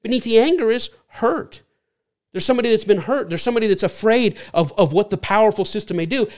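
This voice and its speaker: A man's voice: sits high, darkish tone. A middle-aged man giving an earnest lecture-style talk from slides, sometimes acting out other people's voices. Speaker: speaker teaching a series.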